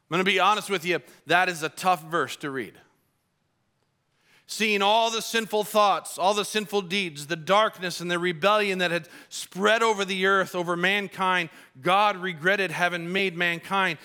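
A man preaching a sermon in church with a bright, forceful voice pitched a little high. He keeps it conversational and humorous, slipping into quick acted-out quotes. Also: clean tone. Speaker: pastor.

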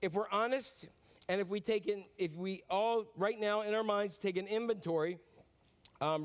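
A man in his fifties preaching a lively, rambling sermon, joking about himself and often restarting his sentences. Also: sits high. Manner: animated, rambling, self-mocking sermon with many restarts. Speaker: pastor.

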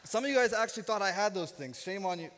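High-voiced pastor in a reverberant church. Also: male voice, animated, fast, a bit bright, a little hiss or hum. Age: 30s. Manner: humorous, self-deprecating storyteller. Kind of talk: sermon storytelling. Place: church sanctuary. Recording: long reverb of a church hall.

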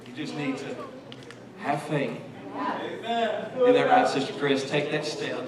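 A man preaching a sermon as pastor, swinging from soft and intimate to loud shouting, with many repeated "and, and" restarts. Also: a little high, animated, takes it slowly, crowd noise. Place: large church sanctuary. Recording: very echoey church hall, distant mic, congregation noise. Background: congregation.

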